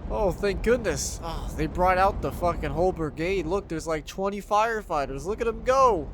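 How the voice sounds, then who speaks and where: Excitable man commentating his city-builder game. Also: sits high, normal speed, few pauses, noisy background. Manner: excitable, swears freely, laughs often. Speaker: gameplay video host. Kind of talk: casual let's-play commentary.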